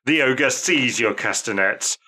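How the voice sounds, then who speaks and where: A man's voice: mid-range voice, measured pace. A man narrating a tabletop game as game master, telling the action with laughs and the odd swear word. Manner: lively, laughing, profane storytelling.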